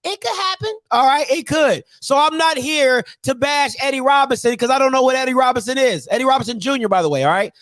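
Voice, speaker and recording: A man hosting a live sports talk show, ranting in an animated, slangy, mocking way. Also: extremely high pitch, fast talker, few pauses, no room sound. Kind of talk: live solo sports rant.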